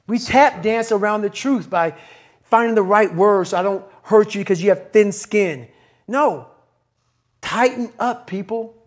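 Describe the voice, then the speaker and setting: Male podcast guest with a high voice: intense, profane, hammers short repeated commands. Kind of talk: motivational interview talk.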